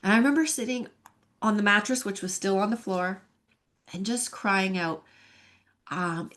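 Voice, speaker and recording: A woman in her fifties, appearing as a podcast guest, shares her personal faith story earnestly and emotionally, sighing and laughing at herself. Her mid-range voice is a bit bright, with a moderate pace and long pauses.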